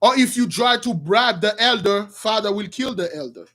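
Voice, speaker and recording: This man, a religious storyteller, has a very high voice and recounts an old tale to his audience at a moderate pace. He speaks in lively spurts that often swell into shouts, repeatedly stopping to restart what he was saying.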